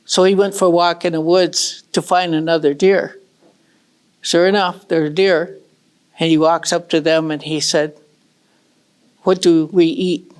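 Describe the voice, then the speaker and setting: A middle-aged woman from northern Michigan telling a traditional story in a folksy, unhurried way, with casual asides to her listeners. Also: lowish voice, fairly even intonation, smooth.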